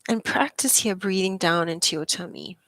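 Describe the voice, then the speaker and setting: A woman's voice: on the low side, normal speed, fairly bright tone, dry recording. Chatty woman leading an exercise class. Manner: encouraging, chatty, laughs often. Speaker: physiotherapist leading a posture class. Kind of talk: live exercise class instruction.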